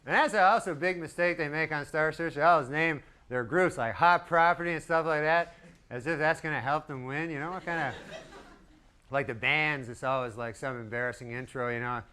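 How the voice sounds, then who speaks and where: A man doing a stand-up comedy set, talking in a drawling, deadpan way with rambling asides. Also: a little high, fairly quick. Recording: live club set with loud crowd and noise. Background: audience laughter.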